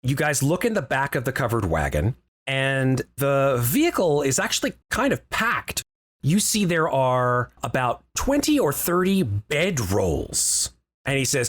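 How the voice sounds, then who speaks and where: A man's voice: medium pitch, sing-song, measured pace, a bit bright. A man acting as game master, narrating a tabletop game in vivid, descriptive storytelling.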